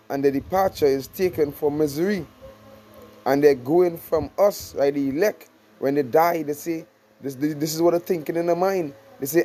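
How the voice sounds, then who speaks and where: A man giving an informal scripture study sermon, reading verses slowly, then explaining in loose, repeated phrases. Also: on the high side, dark tone, rough recording. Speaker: scripture teacher.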